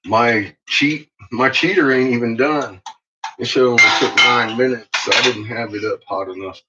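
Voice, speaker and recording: A man chatting casually to his viewers in a workshop, laughing a lot and swearing freely as he tells animated stories. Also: medium pitch, moderate pace, background noise. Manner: laughing, profane, animated storytelling. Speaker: vlogger. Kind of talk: casual chat. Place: workshop with a kiln. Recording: muffled lo-fi recording.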